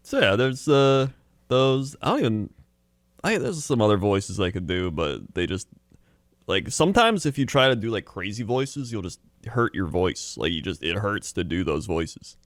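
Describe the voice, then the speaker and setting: Podcast dude, lively up and down voice, dry close mic, laughs a ton. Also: male voice, fairly low pitch, moderate pace, no echo. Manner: laughs often, rambling, does voices. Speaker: podcast co-host. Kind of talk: casual chat.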